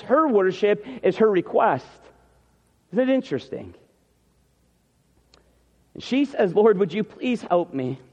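High-voiced preacher in a reverberant hall. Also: male voice, darkish tone, highs cut off. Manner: storytelling, acts out scenes. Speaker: pastor. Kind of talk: sermon. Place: church sanctuary.

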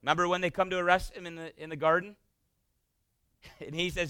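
A male pastor preaching a sermon, emphatic and swinging between loud bursts and hushed passages. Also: on the high side, fairly quick, clean tone, dry recording.

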